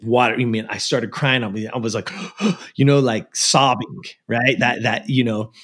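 A man's voice: mid-range voice, steady tone, moderate pace, fairly bright tone, slightly rough. A man from the United States telling a personal story as an interview guest, earnest and emphatic, with many casual fillers. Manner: earnest and emphatic, with frequent "like" and "you know".

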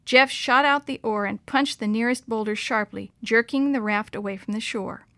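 A woman narrating a children's story aloud in a clear, expressive storytelling manner. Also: a little high, moderate pace, no echo.

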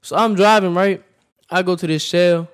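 Casting: male co-host with a high voice, animated, laughs a lot. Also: moderate pace, clean tone. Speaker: podcast co-host. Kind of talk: casual chat.

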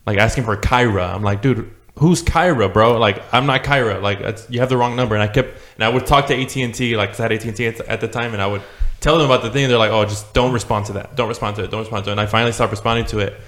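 A man's voice: fairly low pitch, fairly bright tone. A man in casual chat who talks in slang, saying "dude" and "bro" a lot. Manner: fast talker, says "dude" and "bro".

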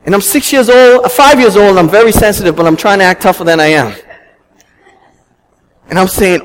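High-voiced animated preacher man. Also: fairly quick, long pauses, poor audio. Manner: storytelling, animated, emphatic. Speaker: pastor. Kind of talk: sermon. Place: church.

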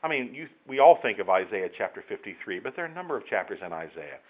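A man preaching a sermon in an earnest, emphatic way, rising often to loud exclamations. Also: lowish voice, big pitch swings, fast, lo-fi sound. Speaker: pastor.

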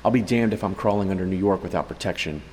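A blunt, commanding cyborg major, as a male narrator voices him barks orders in a very low voice. A long reverb trails in the room, and a faint hiss sits underneath. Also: quick pace, darkish tone, natural voice. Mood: gruff.

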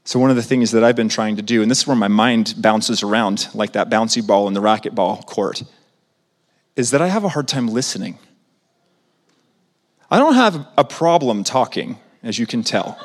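A man preaching a sermon as pastor, conversational and animated, asking the congregation questions and swinging between loud and soft. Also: lowish voice, moderate pace, long reverb tail.

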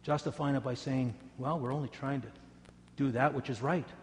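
A male pastor preaching a sermon, telling stories dramatically and dropping to a soft voice for prayer. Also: medium pitch, steady tone, normal speed, big-room sound, slight background noise. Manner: dramatic storytelling, rising loud for quoted taunts, dropping soft for prayer.

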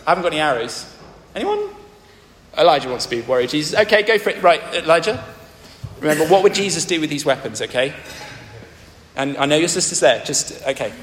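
A man's voice: a little high, lively intonation, fairly quick, long pauses, slight background noise. A man with a posh English accent, a vicar giving a playful family sermon, drawing in the congregation. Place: large church. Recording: echoey church hall.

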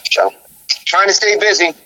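A man guest in a casual interview, telling road stories in an animated way, acting out quotes and laughing often. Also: high-pitched, normal speed, slight background noise, poor audio.

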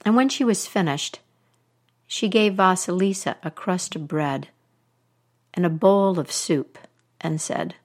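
A woman telling a folk tale aloud, expressive, with dramatic pauses. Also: lowish voice. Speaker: storyteller.

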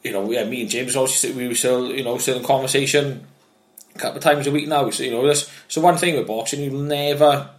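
A man and former amateur boxer, telling animated, swear-filled anecdotes in casual chat. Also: medium pitch, fast talker.

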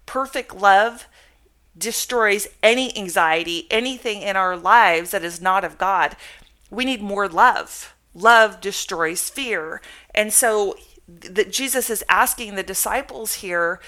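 A woman with a bright, clear voice leads a devotional Bible lesson on a podcast. She reads a passage aloud, then breaks it down in a relaxed, conversational way. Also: medium pitch, slow pace.

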